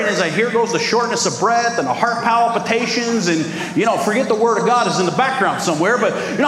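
A man, preaching an animated sermon as pastor and calling out to the congregation. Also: sits high, quick pace, few pauses. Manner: animated preaching with crowd call-outs. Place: large church hall. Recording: echoey hall with background noise.

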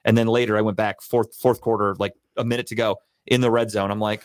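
A man's voice: fairly low pitch, little pitch movement, fast, smooth, dry recording, studio quality. A man co-hosting a podcast, rambling and swearing as he chats through the week's football results. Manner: profane, rambling. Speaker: podcast co-host. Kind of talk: casual sports chat.

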